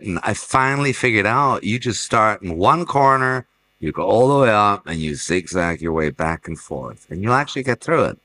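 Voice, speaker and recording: A man's voice: deep voice, bright, forceful tone, low-quality recording. A middle-aged man, a gallerist and fair director, telling rambling stories in a casual panel talk and restarting his sentences often. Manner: rambling anecdotal storyteller with many restarts.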